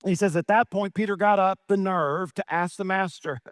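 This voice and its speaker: A middle-aged man preaching a sermon as a pastor, animated, asking many rhetorical questions and acting out quoted voices. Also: sits high, normal speed, no room sound, clean studio sound.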